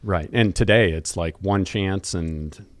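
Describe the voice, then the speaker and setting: A man's voice: low-pitched, takes it slowly, no echo. A man co-hosting a podcast, chatting casually and thoughtfully about music, rambling with restarts. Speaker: podcast co-host.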